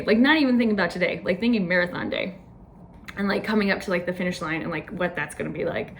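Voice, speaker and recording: A woman's voice: medium pitch, very fast, a little hiss or hum. A young woman telling a casual personal story, chatty and full of "like" fillers, laughing often. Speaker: podcast host.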